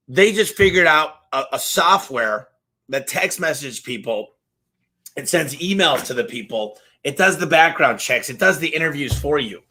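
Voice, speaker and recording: Man, live Q&A host, energetic, passionate, casual storytelling, bright forceful voice. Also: fairly high pitch, a little hiss or hum. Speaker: business owner hosting a live Q&A.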